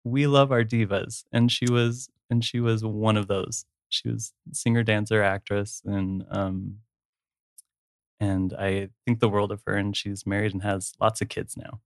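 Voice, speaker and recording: A man's voice: on the low side, level tone, a little slow, clear, resonant tone, dry recording, clean studio sound. A man speaking candidly and emotionally as a guest in a personal conversation, laughing easily.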